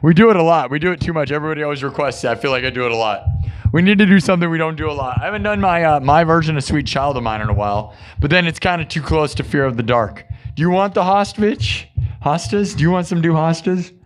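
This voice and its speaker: A man's voice: fairly high pitch, lively intonation, fast talker. A man from Iowa hosting a livestream, chatting in a rambling, playful, self-mocking way. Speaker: livestream music host. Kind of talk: casual livestream chat.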